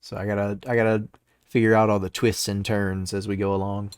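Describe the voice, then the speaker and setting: A man's voice: lowish voice, level tone, a little fast, smooth, dry recording. A man with a Southern American twang co-hosting a podcast, laid-back and laughing easily in casual chat. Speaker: podcast co-host.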